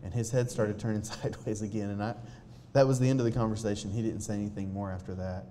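A man tells his own story to an audience. His voice sits low and warm. He talks earnestly and haltingly, restarting sentences, and a faint noise floor hums beneath the recording. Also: steady tone. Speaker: speaker sharing a personal testimony.

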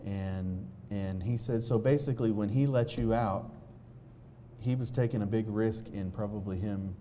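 A man telling a personal testimony to a live audience in an earnest, halting way, often restarting his sentences. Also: lowish voice, mellow, slight background noise. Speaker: speaker sharing a personal testimony.

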